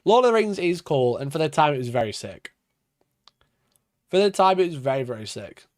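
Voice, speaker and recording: A Sheffield man with a Yorkshire accent streams about wargaming, chatting casually as he rants, swearing and laughing often. His voice runs on the high side with big pitch swings and a slightly fast pace. The audio is studio quality with no room sound.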